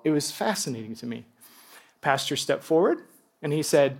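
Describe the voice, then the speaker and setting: A pastor preaching to a congregation in church, telling stories with lively asides and laughter and speaking straight to the people in front of him. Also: male voice, on the high side, normal speed, creaky, husky. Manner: animated storytelling with asides and laughter. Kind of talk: sermon.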